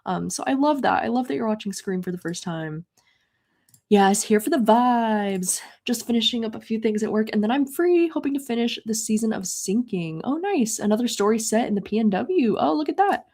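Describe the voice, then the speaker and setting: A young woman hosts a live readathon stream, her voice on the high side at a normal speed. She reads chat messages aloud and chats casually and excitably, with lots of filler words.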